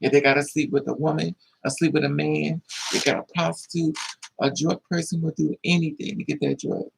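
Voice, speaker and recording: A man with a husky, gravelly voice that sits a little high tells a personal story to his live viewers. He talks casually and bluntly, swears freely and speaks with a lot of feeling. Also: level tone, a little fast, low-quality recording. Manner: blunt, profane, emotional storytelling. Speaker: livestream host.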